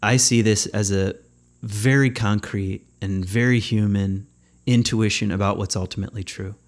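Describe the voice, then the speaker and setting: Low-voiced man giving a reflective spiritual talk. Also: steady tone, moderate pace. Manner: thoughtful, conversational, searching for words. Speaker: spiritual teacher and podcast host.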